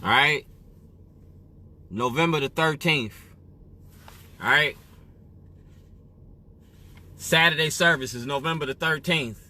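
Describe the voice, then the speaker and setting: A man's voice: a little high, slow pace, pauses often, pushed and bright. A man from Illinois speaking straight to camera in an emphatic monologue. He keeps asking "you feel me?". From Waukegan area, Illinois, US. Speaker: activist.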